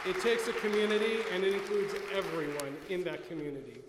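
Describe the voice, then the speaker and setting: A man's voice: high-pitched, lively intonation, brisk, crowd noise. A man emceeing a community event, informally acknowledging guests in a chatty way. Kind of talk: casual announcements. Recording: echoey hall with faint noise.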